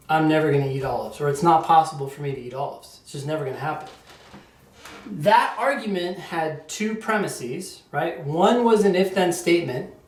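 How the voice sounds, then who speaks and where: A man teaching a test prep lesson in a conversational way, often checking in with his listeners. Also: fairly high pitch. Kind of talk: casual explanatory lecture. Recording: roomy echo, distant mic.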